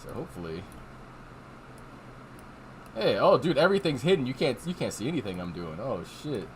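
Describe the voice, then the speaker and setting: A man's voice: mid-range voice, sing-song, moderate pace, a little hiss or hum. A man chatting casually on a livestream, rambling and swearing as he answers chat. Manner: rambling, profane, reads chat aloud. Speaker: streamer. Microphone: desk microphone.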